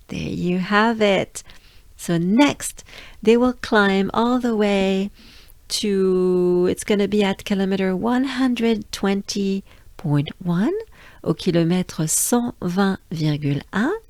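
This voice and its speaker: Slow French woman coaching pronunciation. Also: medium pitch, vocal fry, a little mellow, no echo. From France. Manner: drills sounds slowly, repeating each one.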